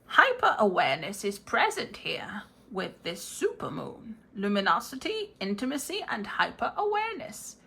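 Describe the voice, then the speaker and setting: A woman's voice: mid-range voice, creaky, sharp tone, slightly rough, exaggerated voice. A woman voicing a cheerful, rambling male wizard puppet in a playful tarot reading, with a theatrical manner that slips into a posh put-on accent.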